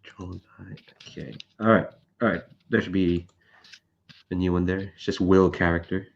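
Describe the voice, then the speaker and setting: A man's voice: sits low, moderate pace, creaky, dull audio. A man running a tabletop game session over an online call, chatting casually and telling stories with laughs. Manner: animated, laughing storyteller. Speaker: game master.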